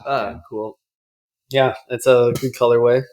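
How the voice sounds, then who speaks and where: A man's voice: mid-range voice, flat delivery, measured pace, a little mellow. A young man co-hosting a podcast, chatting casually with dry, jokey asides. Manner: laid-back, dry jokey delivery. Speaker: podcast co-host. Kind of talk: casual chat.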